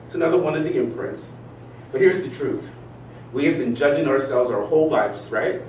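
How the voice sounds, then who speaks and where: A man giving a motivational talk, animated as he leads his audience in spoken exercises. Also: mid-range voice, brisk. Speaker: speaker leading a talk. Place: event room with audience. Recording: roomy sound from far off, faint noise.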